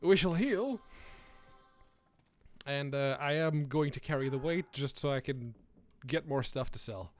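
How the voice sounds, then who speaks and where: A man's voice: mid-range voice, measured pace. A young adult man hosting a live stream, giving casual gameplay commentary, chatty and laughing often. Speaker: streamer host.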